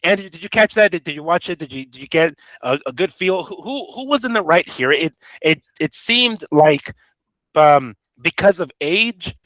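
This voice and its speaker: A man hosting a boxing podcast who rambles through the story, swearing casually and drifting off track. His voice sits a little high for a man. The sound is dry and close. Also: animated, moderate pace, a bit bright, no room sound. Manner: rambling, loose, profane storytelling. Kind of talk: casual chat.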